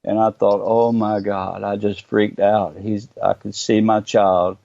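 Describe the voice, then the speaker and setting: A middle-aged man, telling his own story as a guest in earnest, halting bursts with many pauses. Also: fairly low pitch, flat delivery, vocal fry, warm tone, no room sound, dull audio. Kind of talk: personal storytelling interview.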